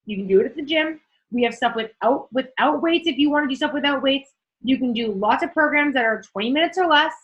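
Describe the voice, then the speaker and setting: Casting: young woman fitness coach, upbeat and casual, slightly high voice, muffled call audio. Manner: energetic, chatty, swears casually. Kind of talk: casual motivational talk on a group call.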